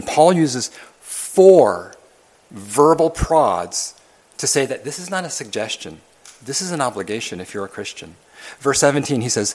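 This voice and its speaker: An earnest male pastor delivering a sermon, pressing his points with repetition and many restarts. His voice sits at an ordinary middle pitch for a man. He talks to his congregation directly and emphatically.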